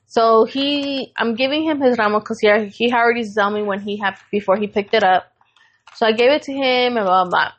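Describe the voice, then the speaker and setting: Animated, swearing woman podcast co-host. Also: fairly high pitch, a little fast, muffled recording. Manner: animated storyteller, swears freely, acts out quoted voices. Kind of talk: casual chat.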